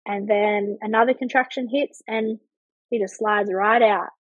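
A woman's voice: mid-range voice, a little slow, husky, no echo, dull audio. A woman in her thirties telling a personal story in a casual chat, acting out her own thoughts with lots of fillers. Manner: animated, vivid retelling with many fillers and acted-out thoughts. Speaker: podcast guest.

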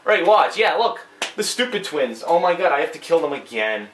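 A man's voice: a little high, very animated, a little fast, a bit bright, reverberant, a little hiss or hum, poor audio. A man giving live commentary on a video game, ranting and swearing in exasperation. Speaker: gamer doing live commentary.

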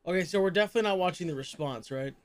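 A man's voice: sits high, racing. A man streaming a reaction video, chatting casually with his chat in slangy, loose talk.

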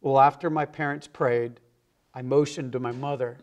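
As a TV interview guest, the evangelist recounts his personal testimony with sincerity, voicing the characters he quotes. His pitch is medium, his intonation fairly even, and he talks at a normal speed.

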